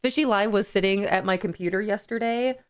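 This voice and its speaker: A woman's voice: medium pitch, brisk, clean tone. A young adult woman streaming live, chatting casually with her viewers, greeting them by name and laughing often.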